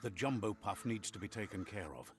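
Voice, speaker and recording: An actor voicing a calm game narrator who tells the hero's tale in a scripted storybook manner, with a playful relish for sound words. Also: male voice, fairly low pitch, brisk, lightly acted. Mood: storytelling. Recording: faint game music behind.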